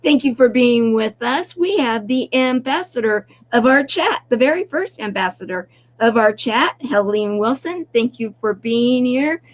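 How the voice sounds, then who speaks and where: A woman's voice: fairly high pitch, animated, a little slow, lo-fi sound. A woman hosting an online talk show, introducing guests in an effusive way. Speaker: host. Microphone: video call.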